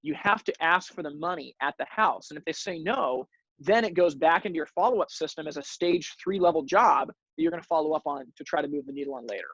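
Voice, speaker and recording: A man's voice: a little high, big pitch swings, fairly quick, creaky, fairly bright tone, no room sound, low-quality recording. A man hosting a sales training webinar, coaching his audience with energy and often repeating words as he starts a sentence. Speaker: webinar host.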